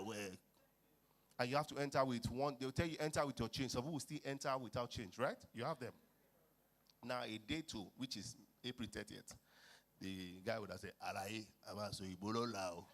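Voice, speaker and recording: A man's voice: mid-range voice, fairly quick. A man with a Nigerian accent speaking at a church conference, telling a humorous story and acting out street characters with Yoruba phrases.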